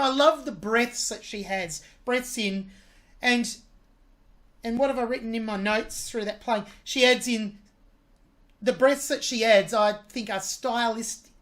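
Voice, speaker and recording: A woman hosting a music reaction video, analysing a singer's vocal technique with admiring commentary. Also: fairly high pitch.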